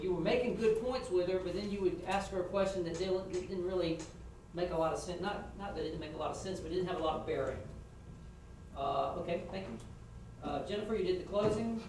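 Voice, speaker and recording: A man's voice: high-pitched, darkish tone, a little hiss or hum. Man, middle-aged, frank critique, distant mic, roomy classroom echo. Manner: frank, folksy, acts out example questions. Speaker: judge critiquing a student mock trial. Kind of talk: spoken feedback to students. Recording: echoey classroom from far off.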